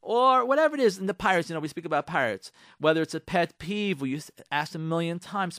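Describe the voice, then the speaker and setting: A man with a high, lively voice hosts a radio advice show, talking straight to his listeners about marriage. He hammers points by saying them twice and keeps asking rhetorical questions. The recording is dry and close. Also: a little fast, few pauses, dry recording. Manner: emphatic, repeats lines for effect, rhetorical questions; addresses listeners directly, coaxing. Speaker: radio show host giving relationship advice.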